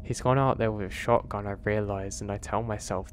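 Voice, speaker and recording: A man narrating a first-person horror story in a measured, confessional way. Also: on the low side, fairly even intonation, a little hiss or hum.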